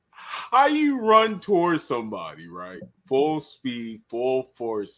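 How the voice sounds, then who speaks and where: Man, high lively pitch, slow pace, bright tone, casual wrestling podcast, incredulous reactions. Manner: laughing, drawn-out incredulous reactions. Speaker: podcast co-host.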